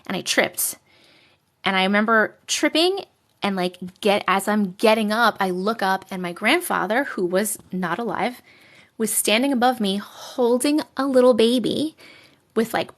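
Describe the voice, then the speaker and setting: A woman's voice: mid-range voice, fairly bright tone. A young woman hosting a casual live stream, chatting with viewers and reading their stories aloud, giggly and sometimes dropping to a whisper.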